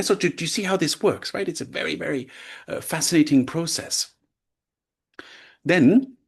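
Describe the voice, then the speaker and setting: Lively, husky-voiced male teacher. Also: mid-range voice. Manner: lively, explaining with frequent "right?" and "yeah?". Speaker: language teacher. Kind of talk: lecture.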